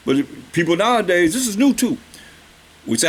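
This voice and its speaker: A man preaching a sermon, reading scripture verses slowly and then explaining them in casual everyday speech, with questions to his listeners and drawn-out emphasis. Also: sits high, big pitch swings, husky.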